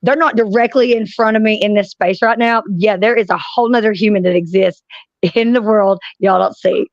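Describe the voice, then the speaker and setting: A woman's voice: mid-range voice, steady tone, brisk, dry recording. A woman chats on a panel stream, telling blunt stories full of swearing. She has a middle-range voice, and the sound is dry, dull and muffled. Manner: blunt, profane storytelling. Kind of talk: casual panel chat.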